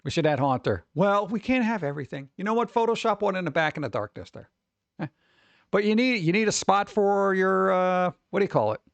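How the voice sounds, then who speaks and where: A man in his forties hosting a stream, talking in a loose, rambling way with wry asides and muttered reactions. His voice sits a little high for a man and sounds close and dry, with no room around it. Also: sing-song, brisk, vocal fry, no room sound, highs cut off. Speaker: streamer host. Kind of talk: casual rambling commentary.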